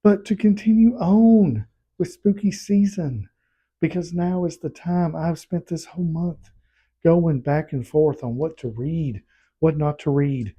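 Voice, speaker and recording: Husky dark-voiced man. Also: fairly high pitch, a little slow. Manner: animated storytelling, acts out scenes. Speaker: book vlogger. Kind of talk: casual book review chat.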